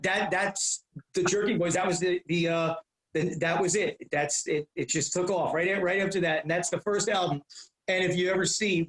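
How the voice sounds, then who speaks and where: Man, middle-aged, high voice, animated storytelling, echoey room. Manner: animated, profane, repeats himself. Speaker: guest, comedian. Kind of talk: casual storytelling.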